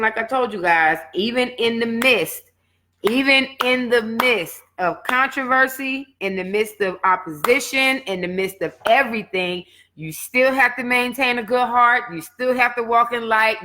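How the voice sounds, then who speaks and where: A woman fitness coach, telling a personal setback story in casual talk and acting out what she said back then. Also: a little high. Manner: animated storytelling, acts out her own past words.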